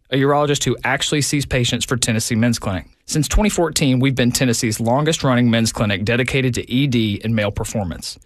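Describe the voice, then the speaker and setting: A man's voice: no room sound, clean studio sound. Man reading an urgent clinic ad. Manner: direct, urgent sales pitch. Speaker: doctor in a radio ad. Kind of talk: scripted radio ad read.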